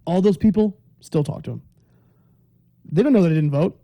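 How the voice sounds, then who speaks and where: A man's voice: high voice, normal speed, dark tone. A man co-hosting a comedy podcast, ranting in a profane, exasperated way in casual chat. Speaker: podcast co-host.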